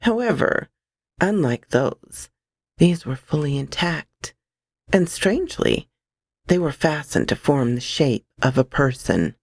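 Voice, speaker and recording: A woman reading a horror story aloud, expressive and dramatic, close to the microphone. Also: low voice, slow pace, vocal fry, dry recording.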